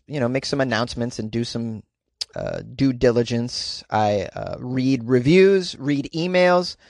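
A man's voice: mid-range voice, creaky, no room sound, clean studio sound. A man hosting a comedic news podcast, rambling and joking, laughing at his own jokes. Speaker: podcast host.

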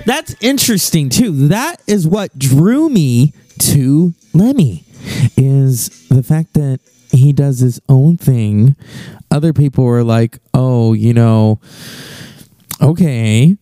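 A man hosting a podcast, talking in a musing, unhurried way. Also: mid-range voice, expressive, mellow, no echo, faint music behind. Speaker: podcast host. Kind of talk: casual podcast commentary.

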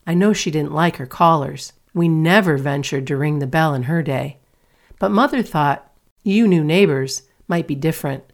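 A woman's voice: low-pitched, normal speed. A woman voicing a sweet eager neighbour girl. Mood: wistful. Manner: shy and wistful, then startled.

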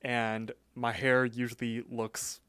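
A man's voice: mid-range voice, level tone, slow pace, fairly bright tone, smooth, no echo. A young man co-hosting a podcast, casually retelling a cartoon episode with lots of "like" and acted-out quotes. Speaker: podcast co-host. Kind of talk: casual chat, episode recap.

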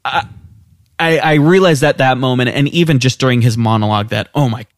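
A man co-hosting a casual film discussion, animated and quick to act out scenes. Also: mid-range voice, no echo, studio quality. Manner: animated, acts out quotes in raised voices. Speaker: podcast co-host.

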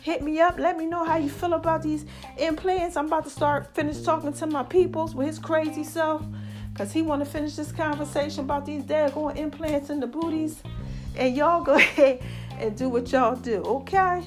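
Female podcast host, high voice, loose and chatty, frequent laughter, faint music bed under her. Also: normal speed. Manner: chatty and animated, laughs often, calls listeners y'all and baby. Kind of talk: casual monologue to listeners.

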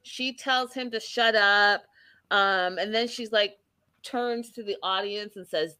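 A woman's voice: mid-range voice, slow, clean tone, no echo. A woman hosting a casual chat, animatedly recapping a reality show and acting out what people said. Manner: animated storyteller, acting out quotes with emphasis.

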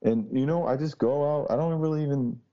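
A man's voice: fairly high pitch, fairly quick, highs cut off. A man, a guest who talks in a brash, rambling way, swearing often in casual chat. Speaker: podcast guest, street DJ. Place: Boston.

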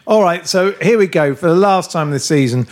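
Man hosting a football podcast, teasing and jokey, slightly high voice. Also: animated, moderate pace. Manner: teasing, jokey, laughs often. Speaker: podcast host. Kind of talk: casual chat.

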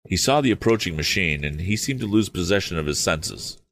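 A man's voice: low-pitched, animated, normal speed, a bit bright. A man reading an old novel aloud, stopping for hesitant, apologetic asides. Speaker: audiobook reader.

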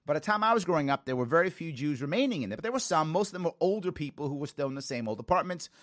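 A man in his forties from the Bronx, hosting a talk show and telling stories with lively quoted voices. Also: on the high side, very fast, dry recording, studio quality. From New York (the Bronx). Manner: animated storytelling with quoted voices.

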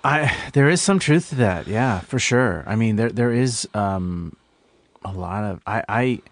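A man chatting casually, telling a school memory in an easygoing, expressive way. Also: lowish voice, measured pace, no echo, studio quality. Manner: relaxed storyteller, expressive rises and drops. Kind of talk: casual chat.

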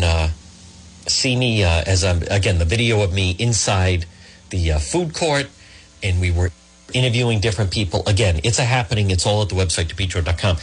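A man's voice: medium pitch, fairly bright tone, slightly rough. A middle-aged man hosting a talk radio show, ranting in an indignant, rambling way and repeating himself. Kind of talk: opinionated talk radio monologue, also streamed live.

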